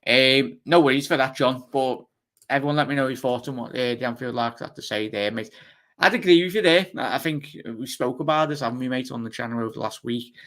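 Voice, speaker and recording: A man with a Liverpool accent hosts a live football fan stream. His voice sits at an ordinary middle pitch. He talks fast and casually, rambling through many fillers as he answers viewer comments. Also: a bit bright. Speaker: fan channel host.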